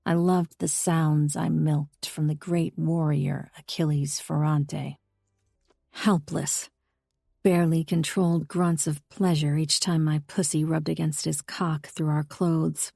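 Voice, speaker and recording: A woman reading a first-person audiobook novel in a steady, intimate way. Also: low-pitched, slow pace, creaky, no room sound, studio quality. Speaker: audiobook narrator. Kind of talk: scripted first-person narration.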